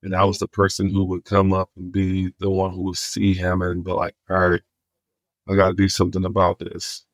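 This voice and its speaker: Podcast guest, man; animated storyteller who acts out the dialogue, low voice. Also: brisk, dry recording. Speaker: guest, homelessness outreach worker.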